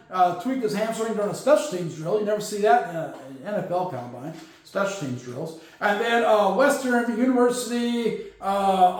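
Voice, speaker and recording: A man with a very high voice hosts a casual football news show. He rambles through stories with lots of fillers and sarcastic asides. His voice rings out in a very echoey room. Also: darkish tone. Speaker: football podcast host. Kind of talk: casual sports news commentary.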